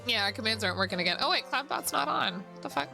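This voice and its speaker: A woman's voice: fairly high pitch, lively intonation, quick pace, creaky, bright, forceful tone, soft background music. A woman streamer chatting casually while playing a game, giggling and swearing freely. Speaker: VTuber streamer.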